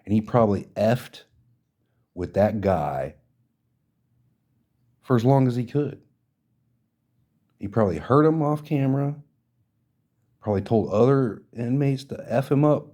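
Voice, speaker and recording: A man's voice: medium pitch, lively intonation, unhurried, pauses often, mellow. A man hosting a podcast, delivering an indignant, profane rant of social commentary. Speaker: podcast host.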